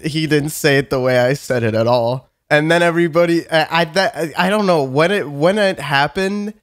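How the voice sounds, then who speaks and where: A man's voice: on the high side, moderate pace, dry recording, studio quality, faint music behind. A man co-hosting a comedy podcast, telling a rambling story full of swearing and restarts. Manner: rambling, profane, many restarts. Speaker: podcast co-host.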